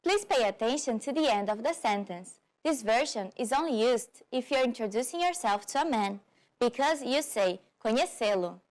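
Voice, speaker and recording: A woman presents a scripted beginner language lesson. Her voice sits high, and she speaks clearly and deliberately, slowing down for the example phrases. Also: animated. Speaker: language teacher.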